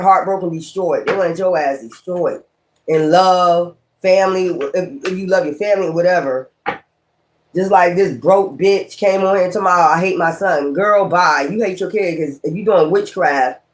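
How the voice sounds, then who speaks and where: A man doing a casual tarot reading, talking in a blunt, profane, rambling and preachy way. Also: sits high. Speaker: tarot reader.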